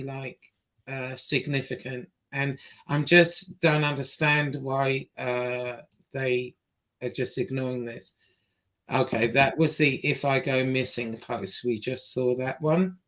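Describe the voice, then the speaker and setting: Female streamer host, slow and halting, reads posts aloud. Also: a bass voice, steady tone, fairly bright tone. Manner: halting, many fillers and pauses. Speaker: show host. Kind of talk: livestream interview.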